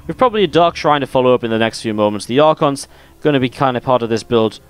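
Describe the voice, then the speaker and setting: In a medium-pitched, animated voice with a clean tone, a man calls a live esports match at a quick pace, breaking off between the action for playful, jokey banter with his viewers.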